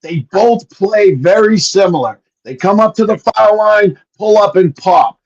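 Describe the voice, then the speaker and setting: Man, high voice, excitable betting analyst, dull lo-fi audio. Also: unhurried. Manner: excitable, swears, rattles off stats. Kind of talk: casual betting show chat.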